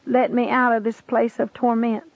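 A woman's voice: fairly high pitch, little pitch movement, normal speed, no room sound. A woman voicing a tormented woman pleading desperately to be let out of her cell. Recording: dry, tinny phone-like sound.

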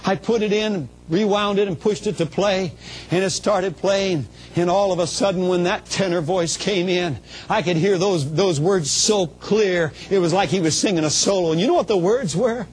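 High-voiced preacher man, fervent testimony. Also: moderate pace, slightly rough, low-quality recording. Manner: fervent, storytelling, rising to emotional shouts; stumbles and repeats small words. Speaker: traveling minister. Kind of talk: testimony sermon.

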